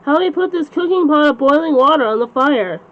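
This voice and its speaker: Woman reader doing a plucky little storybook pig, high voice, slightly muffled lo-fi sound. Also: lively intonation, a little fast. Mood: cheerful. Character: clever cheerful little boy pig. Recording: slightly dull lo-fi recording.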